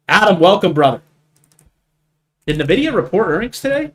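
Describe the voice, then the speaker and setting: Male stream host doing casual chart commentary, bright, forceful tone, keeps hammering the same point. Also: on the high side, very animated, normal speed, long pauses. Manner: emphatic, repeats points, asks "right?" often. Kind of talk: live market commentary over charts.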